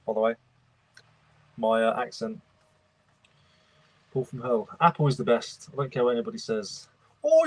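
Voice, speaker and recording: A man's voice: medium pitch, no echo. Guy chatting to his live chat, calls everyone mate, dry close sound. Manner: chatty, greets viewers by name, calls people mate. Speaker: reseller livestream host. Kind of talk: casual livestream chat.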